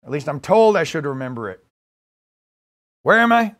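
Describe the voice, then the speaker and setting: A doddering old president who loses his thread mid-sentence and circles back on himself, as a man puts him on. His voice sits high and swings widely, halting and repeating as he goes. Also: very animated, fairly bright tone. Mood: rambling. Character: rambling confused elderly male president.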